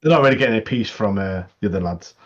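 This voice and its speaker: A man's voice: fairly low pitch, expressive, quick pace. A man co-hosting a casual podcast about anime, laid-back and enthusiastic. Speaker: podcast co-host. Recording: dull, muffled mic sound.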